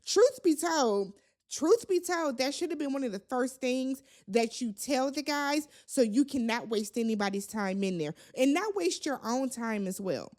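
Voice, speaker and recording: Sassy, chatty woman recapping a reality show. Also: sits high. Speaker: recap vlogger. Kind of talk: casual reality-TV recap commentary.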